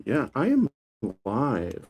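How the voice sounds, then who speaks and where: A streamer chatting alone on a casual live stream, rambling with many fillers and restarts and sometimes pushing the voice higher. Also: wildly swooping pitch, takes it slowly, a little mellow, breathy edge. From United States. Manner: plays with raising the pitch of the voice.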